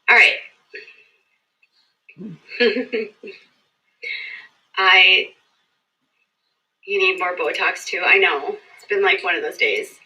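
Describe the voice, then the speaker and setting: Bright-voiced chatty livestreaming woman. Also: lowish voice, drawn-out words, pauses often, dull audio. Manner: chatty, talks straight to viewers. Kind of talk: casual livestream chat.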